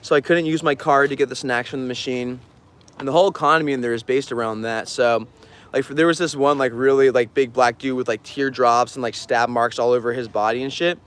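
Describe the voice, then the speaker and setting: A man's voice: medium pitch, steady tone, brisk, a bit bright, clear, resonant tone. A man telling stories casually on a livestream, rambling with lots of fillers and frequent laughs. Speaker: artist streaming an auction.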